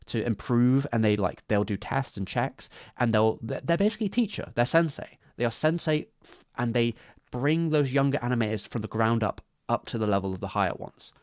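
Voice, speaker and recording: A man's voice: mid-range voice, expressive, fairly quick, no room sound, studio quality. A man streaming live, talking casually about animation credits, with many restarts and asides. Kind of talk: casual livestream commentary.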